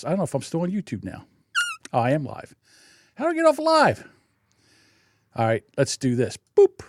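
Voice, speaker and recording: A man's voice: a little high, wildly swooping pitch, normal speed, noisy background. A man hosting his own podcast, ranting in a sarcastic, indignant way and laughing often. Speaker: podcast host. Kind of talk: solo podcast livestream rant.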